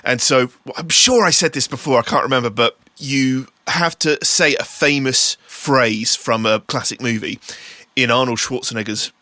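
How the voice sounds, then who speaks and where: A man's voice: mid-range voice, moderate pace, pushed and bright, no room sound. A man hosting a casual podcast chat, laughing often, swearing freely and rambling through asides. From United Kingdom. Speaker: podcast host.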